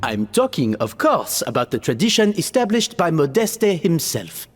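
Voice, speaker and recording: An actor playing a flamboyant French restaurant host with a thick French accent, theatrical and grandiose, in game audio with long reverb. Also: male voice, on the high side, very animated, moderate pace, faint music behind.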